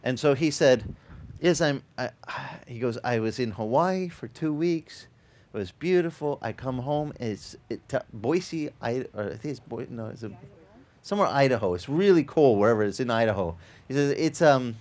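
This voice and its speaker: Middle-aged pastor preaching conversationally. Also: male voice, mid-range voice, lively intonation, moderate pace, darkish tone. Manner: conversational storytelling, many restarts, rising to emphatic exhortation. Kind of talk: sermon. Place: outdoor beach service.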